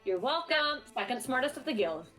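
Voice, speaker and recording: Lively woman player, eager. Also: high voice, moderate pace, over loud music, rough recording. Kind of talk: casual tabletop play.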